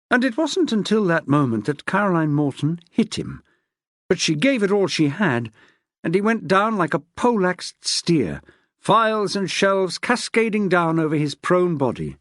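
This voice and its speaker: A woman narrating a crime novel in a measured, expressive reading. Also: on the low side, dry recording, studio quality. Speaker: audiobook narrator. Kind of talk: scripted narration.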